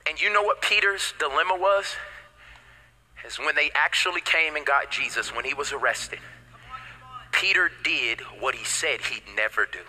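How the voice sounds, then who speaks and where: A man preaching a sermon as pastor, animated and casual with slang, swinging between loud declarations and hushed asides. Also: a little high, moderate pace, poor audio.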